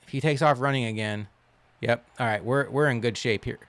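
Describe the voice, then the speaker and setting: A man giving casual commentary while playing a football video game, wry and quick to complain, then cheering loudly on big plays. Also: medium pitch, no room sound. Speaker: gaming channel host.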